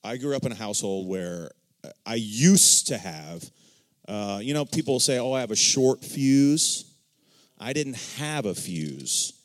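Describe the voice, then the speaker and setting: A man speaking in a casual faith discussion, telling his own story with lively swings of tone and voicing the people he quotes. He keeps turning to his listeners with "right?". His voice sits at a middle pitch for a man. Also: unhurried. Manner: animated storyteller acting out quoted dialogue; says "right?" often to check in with listeners. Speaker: church member sharing testimony.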